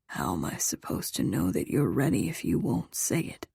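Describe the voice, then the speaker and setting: A woman voicing an intense young male lover in a whispered role-play, with a low, husky, coaxing whisper. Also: wildly swooping pitch, slow pace, no echo, clean studio sound, exaggerated voice. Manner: coaxing, insistent.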